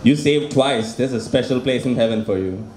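A man doing a stand-up set at an open mic, speaking at a middle pitch into a handheld stage mic. He repeats his punchlines with crude, deadpan humor. The room gives his voice a clear echo. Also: normal speed, a crowd in the background. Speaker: stand-up comic. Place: small open mic venue. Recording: echoey room.

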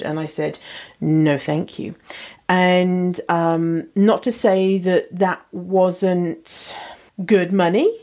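Woman, podcast host, lowish voice, slightly husky from a cold, chatty, frank, laughs a lot. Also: measured pace, a little mellow. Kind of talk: casual podcast chat.

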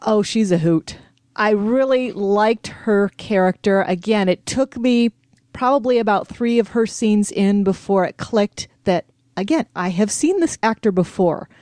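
A woman guesting on a podcast, chatting in a calm, measured way. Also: mid-range voice, dry recording. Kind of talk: casual chat.

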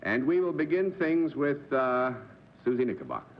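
A man's voice: medium pitch, very animated, moderate pace. A man hosting a live 1960s television panel game show, genial and chatty, laughing easily with his guests. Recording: dull 1960s TV broadcast audio with faint hiss.

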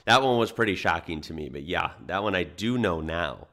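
A young man from the United States talks over a clip he is reacting to. His voice sits very low. His delivery is relaxed and rambling, with fillers and the odd chuckle. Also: brisk. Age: young adult. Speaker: reaction video host. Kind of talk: casual reaction commentary.

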